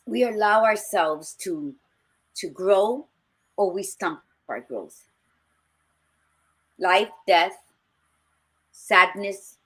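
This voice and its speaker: A woman's voice: mid-range voice, a bit bright. A woman co-hosting a casual talk podcast, telling personal stories in a candid, blunt and emphatic way. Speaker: podcast co-host. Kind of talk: casual chat.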